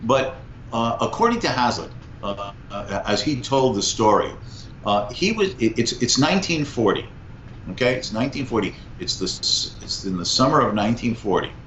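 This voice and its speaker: A man in his sixties recounts stories as an interview guest, bringing lively emphasis to each anecdote. His voice sits at a middling pitch. The recording is echoey and a little muffled, with faint ambient hiss behind him. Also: moderate pace. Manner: animated anecdote teller, lively vocal emphasis. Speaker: guest, economics professor. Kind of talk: storytelling in a conversational interview. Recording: echoey, slightly muffled room.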